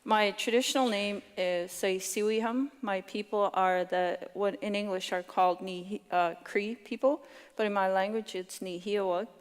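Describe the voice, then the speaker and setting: A middle-aged woman activist giving a brisk, earnest conference talk, now and then stumbling over her words. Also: medium pitch, steady tone. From Canada. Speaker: activist speaker. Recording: long hall reverb.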